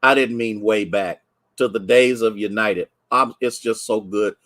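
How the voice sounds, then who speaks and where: A man's voice: fairly low pitch, a little slow, a bit bright. Emotional preacher man greeting online viewers. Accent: Ohio, Midwestern American. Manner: conversational, greets online viewers by name, many restarts; emotional, close to tears at times. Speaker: pastor. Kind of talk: livestreamed noon Bible study sermon.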